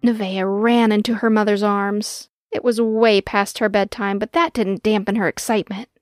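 A woman narrating a Christian children's audio story with warm, expressive storytelling. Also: mid-range voice, normal speed, no echo, studio quality, faint music behind.

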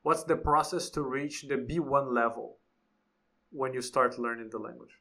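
A man's voice: mid-range voice, normal speed, vocal fry, pushed and bright. A man co-hosting a podcast in a casual chat, thoughtful and often restarting his sentences. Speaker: podcast co-host.

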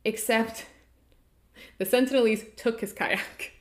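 A woman's voice: a little high, steady tone, slow. A woman podcast host from the United States, telling a story in a casual, irreverent way with offhand swearing.

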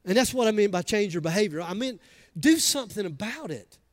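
A man's voice: sits high, animated, brisk. A man preaching a conversational, emphatic sermon to a church congregation, often acting out what people say. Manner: conversational, emphatic, acts out quoted voices. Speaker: pastor. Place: church sanctuary.

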